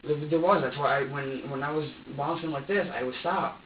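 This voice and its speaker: A young man in his twenties talks in a halting, profane ramble while being questioned. He is picked up from across an echoey interview room. The recording is dull and muffled, with a faint hum of ambience behind him. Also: fairly high pitch, distant mic. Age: 20s. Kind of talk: police interrogation statement.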